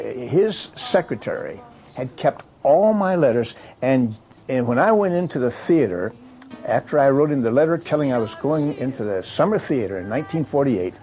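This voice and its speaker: An older retired actor from Kentucky rambles back over his career, his mid-range, mellow voice full of fillers and restarts as he reminisces.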